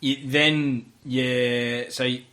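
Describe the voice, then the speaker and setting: A man's voice: medium pitch, flat delivery, very slow, pushed and bright. A man hosting a podcast, casually prompting his guest and leading into breaks. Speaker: podcast host. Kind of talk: casual interview.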